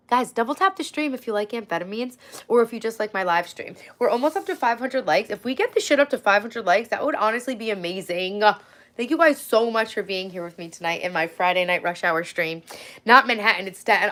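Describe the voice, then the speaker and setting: A woman in her forties hosting a long casual livestream, chatty and sarcastic, reading out viewer comments, a little hoarse from talking for hours. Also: mid-range voice, a bit bright. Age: 40s. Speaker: livestream host.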